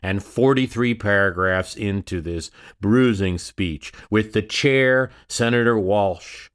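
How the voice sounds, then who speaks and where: A man narrating a history story in a dramatic scripted style, with rhetorical questions and shifting emphasis. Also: on the low side.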